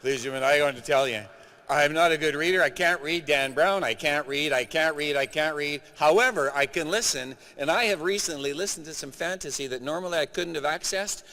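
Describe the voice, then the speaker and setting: A middle-aged Canadian man giving an animated, emphatic keynote speech to a live conference audience. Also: on the high side, fast talker. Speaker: keynote speaker. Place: large conference hall. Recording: reverberant conference hall.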